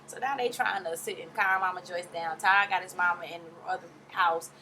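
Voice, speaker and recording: A woman's voice: fairly low pitch, steady tone, brisk, sharp tone, a little hiss or hum. A woman vlogger recapping a TV show in a blunt, slangy, gossipy way, often laughing. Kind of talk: casual chat.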